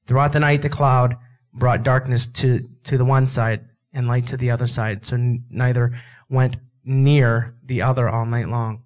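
In a measured, mid-range voice, a man delivers a sermon that feels like a conversation. He dramatizes the exchanges between God and Moses from the passage, animated throughout, with side remarks and laughs.

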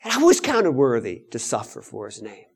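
A man preaching a sermon, animated, swinging between loud emphatic lines and hushed asides. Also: mid-range voice, moderate pace, breathy edge.

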